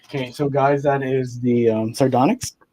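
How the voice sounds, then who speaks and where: Quiet man explaining wirework. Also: mid-range voice, normal speed, a little hiss or hum, low-quality recording. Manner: quiet, steady, explains as he works. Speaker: jewelry artist demonstrating. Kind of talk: calm how-to instruction.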